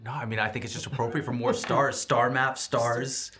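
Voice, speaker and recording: A man's voice: mid-range voice, fairly even intonation, moderate pace, a bit bright. A man playing a tabletop game, hesitant and thinking aloud with questions about his move. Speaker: player.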